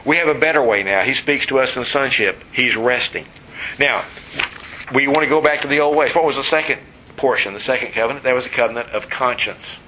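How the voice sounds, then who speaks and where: A man's voice: medium pitch, a little fast, a little hiss or hum, poor audio. A man preaching a sermon in a conversational, teasing way, asking the congregation questions. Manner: conversational, teasing, animated storytelling. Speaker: pastor.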